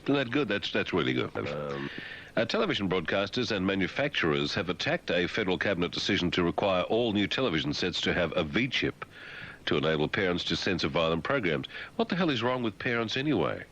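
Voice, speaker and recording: This radio man talks low-pitched but swings his voice up and down as he mocks the news. His tone is bright and sharp, and he keeps jumping into silly put-on voices. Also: very animated, fast talker. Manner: mocking, puts on silly voices mid-sentence. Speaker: radio host. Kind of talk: satirical radio commentary.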